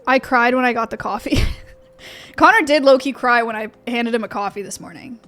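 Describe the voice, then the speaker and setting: A woman's voice: a little high, moderate pace, a bit bright. A young woman streaming from her home office, chatting with her viewers in a rambling way full of fillers and restarts. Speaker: livestreamer. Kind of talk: casual chat with stream chat.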